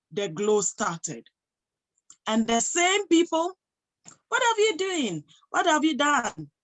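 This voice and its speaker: A woman's voice: on the high side, rough recording. A woman giving a motivational talk to an audience, emphatic, posing rhetorical questions and answering them herself. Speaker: motivational speaker and health professional.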